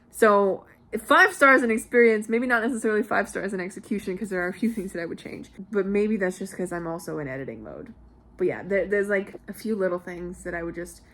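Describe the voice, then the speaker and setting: Canadian woman rambling about books to camera, super animated, drops the odd swear, mid-pitched voice. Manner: animated and chatty, swears casually. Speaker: author and book vlogger. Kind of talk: casual vlog talk.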